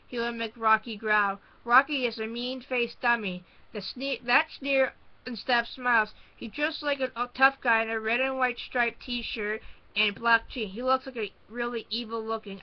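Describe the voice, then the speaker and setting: Woman reading a kids' horror book aloud, stumbling reads, higher voice, muffled lo-fi audio. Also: fairly even intonation. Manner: halting reading with frequent restarts. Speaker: storybook reader. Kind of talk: first-person read-aloud of a horror book.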